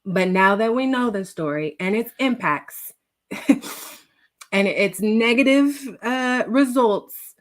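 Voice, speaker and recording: A woman's voice: a little high, animated, slow. A woman hosting a live devotional, earnest and tearful, talking directly to her viewers. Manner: earnest, emotional, reads viewer comments aloud. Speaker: devotional livestream host. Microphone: livestream.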